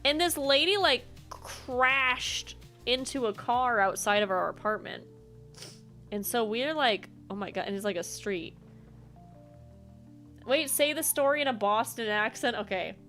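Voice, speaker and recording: A young woman streaming a game, chatting casually and telling a rambling, animated story full of fillers. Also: a little high, measured pace, faint music behind. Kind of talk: casual gameplay chat and storytelling.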